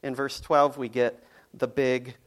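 A man's voice: medium pitch, flat delivery, unhurried. A man preaching a casual, conversational sermon, playful and full of ums and restarts. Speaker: pastor.

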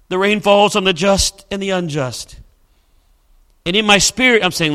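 A man's voice: sits high, normal speed, sharp tone. A male pastor preaching a sermon, telling a story dramatically with emphatic, repeated refrains.

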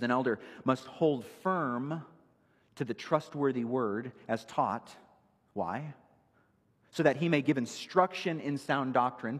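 A male pastor delivers an emphatic expository sermon, walking through scripture verse by verse. His voice is husky, and his pitch swings widely as he drives each point home. The sound carries a long reverb from a large church hall.

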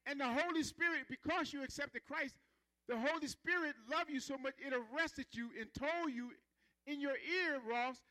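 A man preaching a sermon, stretching out key words and having the congregation repeat after him, then dropping to low asides. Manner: emphatic, drawn-out stresses, calls on the congregation to repeat; swings between loud proclaiming and low soft asides.

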